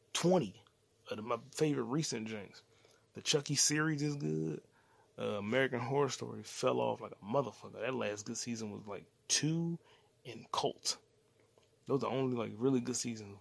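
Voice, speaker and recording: A man's voice: medium pitch, creaky, dry recording. A man in his late twenties hosting his own podcast alone, rambling casually in a loose, profane, slang-heavy way. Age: 20s. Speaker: podcast host. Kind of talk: casual solo podcast rant.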